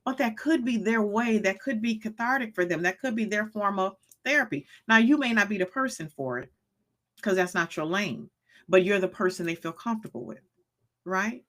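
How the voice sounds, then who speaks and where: Female live-stream host, preachy and repetitive, bright, forceful tone, reads the chat aloud. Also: mid-range voice, normal speed. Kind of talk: motivational live-stream talk.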